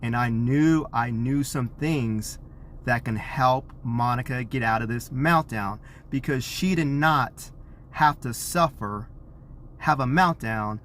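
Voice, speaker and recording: A man, a parent, earnestly telling a personal story to camera, animated and acting out what was said. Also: mid-range voice, takes it slowly, a little hiss or hum. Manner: earnest, animated retelling with acted quotes; self-described introvert.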